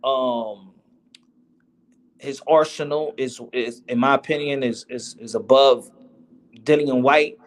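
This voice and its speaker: A man's voice: medium pitch, fairly even intonation, slow pace, long pauses. Slangy man chatting about boxing. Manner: slangy, loose street talk. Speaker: boxing podcast host. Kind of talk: casual chat.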